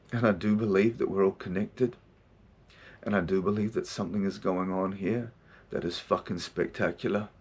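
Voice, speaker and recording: A middle-aged New Zealand man, a counselor hosting his own podcast, talks alone in a confessional way. His voice sits low with a darkish tone and a breathy edge, and his speech is raw, emotional and heavy with swearing.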